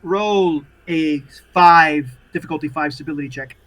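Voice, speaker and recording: A man's voice: on the high side, normal speed, a bit bright. A young man narrating a horror tabletop game as game master, in a loose, profane, filler-heavy way.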